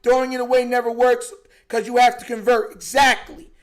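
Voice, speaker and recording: A man hosting a live game watch-along stream as a fan, reading out donations and reacting excitedly to the plays. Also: extremely high pitch, fairly quick. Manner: excitable, reads out donations, argues with himself. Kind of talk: casual fan commentary over a live broadcast.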